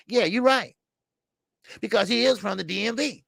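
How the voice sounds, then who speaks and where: A man's voice: high-pitched, normal speed, creaky, fairly bright tone, no echo, studio quality. An older man hosting a boxing show, talking bluntly and profanely in a rambling casual commentary with stammered fillers. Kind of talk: casual live-stream commentary.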